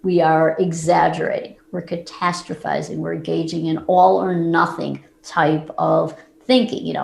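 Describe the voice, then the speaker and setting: A woman psychologist answering interview questions in an explanatory way, growing lively when she challenges a point. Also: low voice, moderate pace, vocal fry, few pauses, roomy sound. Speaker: psychologist guest.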